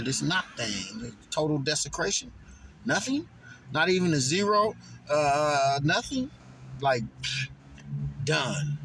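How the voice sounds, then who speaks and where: A man reading scripture aloud and then riffing on it in casual, slangy, animated commentary. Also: fairly high pitch, slight background noise, poor audio. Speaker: bible study vlogger.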